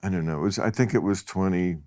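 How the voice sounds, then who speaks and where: A man's voice: low-pitched, quick pace, darkish tone. An older man hosting a podcast, chatting casually in a blunt, wry way and laughing often. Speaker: podcast host. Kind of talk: casual chat.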